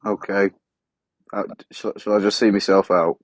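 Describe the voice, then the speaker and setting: A man's voice: fairly low pitch, level tone, normal speed, no room sound. A man calling into a phone-in show, rambling and pushing on with his story after being told to leave. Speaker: caller. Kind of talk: phone-in call.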